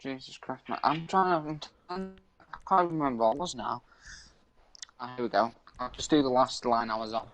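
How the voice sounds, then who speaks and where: A man's voice: medium pitch, normal speed, fairly bright tone, faint music behind, low-quality recording. A young man with an ordinary mid-range voice chats easily over a game. He reads stories aloud, trips over the longer words and keeps going. His talk is loose, friendly and unpolished. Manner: stumbles over words while reading, chatty and easygoing. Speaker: podcast co-host. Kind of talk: casual gaming chat and stumbling read-aloud storytelling.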